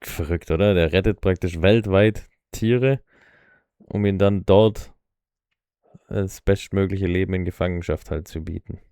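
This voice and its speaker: A man's voice: deep voice, fairly even intonation, moderate pace, warm tone, clear, resonant tone, no room sound, studio quality. A man giving casual, laid-back reaction commentary with amazed remarks. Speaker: reaction video host.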